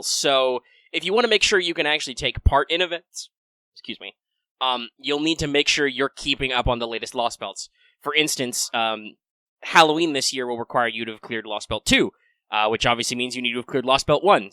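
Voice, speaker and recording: A man hosting a casual live-streamed game podcast, chatty and quick through sponsor reads. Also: mid-range voice, bright, forceful tone, clean tone, no echo. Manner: chatty, fast patron list reading. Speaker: podcast host.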